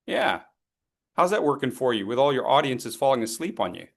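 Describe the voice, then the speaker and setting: A man teaching as a speech coach, lively and playful, acting out his students and throwing in sound effects. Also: mid-range voice, fairly quick, vocal fry. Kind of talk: lively training talk.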